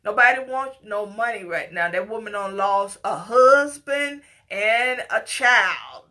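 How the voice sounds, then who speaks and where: A woman's voice: mid-range voice, expressive, slow pace, sharp tone. A middle-aged woman giving an impassioned, scolding personal commentary, at times tearful and pleading. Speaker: commentator reacting to a news story.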